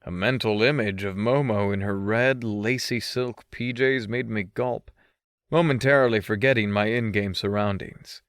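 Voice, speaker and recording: A man's voice: lowish voice, steady tone, moderate pace, a bit bright, smooth, no room sound, clean studio sound. A male audiobook narrator reading a first-person story with a mischievous, teasing manner.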